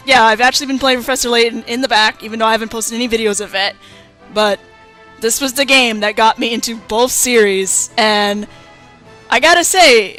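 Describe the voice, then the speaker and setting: A young woman hosting a let's play, chatting excitedly through gameplay commentary. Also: a little high. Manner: excitable and giggly.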